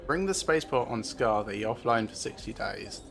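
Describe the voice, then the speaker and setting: A man's voice: on the low side, expressive, vocal fry, a bit bright. Man musing over a game. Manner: thinks aloud with many filler pauses. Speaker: streamer. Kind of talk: casual gameplay commentary.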